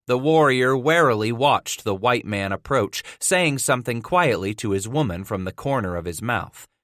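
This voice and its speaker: Steady male audiobook narrator, dry close read. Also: mid-range voice, moderate pace, no echo. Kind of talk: scripted narration.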